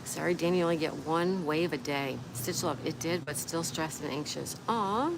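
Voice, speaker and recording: Her voice sits low and sounds gravelly, moving at a moderate pace as she hosts a casual livestream. She reads viewer comments aloud and chats back, over steady background noise with passing traffic.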